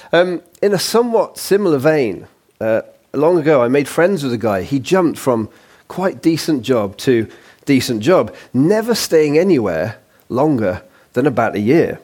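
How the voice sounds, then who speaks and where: A man preaching as a guest, with a voice on the higher side. He talks in a loose, conversational way, dotted with ums and questions thrown out to the congregation. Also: very animated, moderate pace, a little mellow. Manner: chatty, informal, with frequent ums and rhetorical questions. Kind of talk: sermon.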